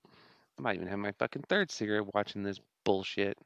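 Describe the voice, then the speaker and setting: A man's voice: on the low side, fairly quick, vocal fry, fairly bright tone, no room sound, lo-fi sound. A man hosting a reaction commentary, exasperated and sarcastic, swearing often at the clip he is watching. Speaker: commentary channel host.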